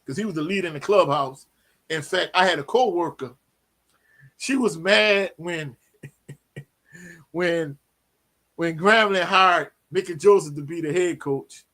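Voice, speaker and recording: Man, live stream host, casual chat, slangy, animated, slightly high voice. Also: unhurried, pauses often. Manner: animated, slangy, repeats "you know what I'm saying". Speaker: sports talk host.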